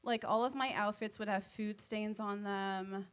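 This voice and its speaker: A woman doing a stand-up set at an open mic on a comedy club stage, rambling and giggly, high on edibles, with self-deprecating jokes. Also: steady tone, a little slow, clear, resonant tone.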